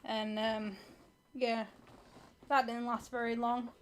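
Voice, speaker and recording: Higher-voiced chatty woman co-host. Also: flat delivery, slow pace, a little hiss or hum. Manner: chatty, giggly, sweary. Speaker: co-host reading chat. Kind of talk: casual live chat.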